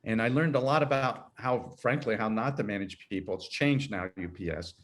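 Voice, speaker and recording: A man's voice: lowish voice, normal speed. Rambling man in his sixties. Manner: rambling, self-correcting, laughs easily. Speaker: guest, HR consultant. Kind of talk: conversational interview.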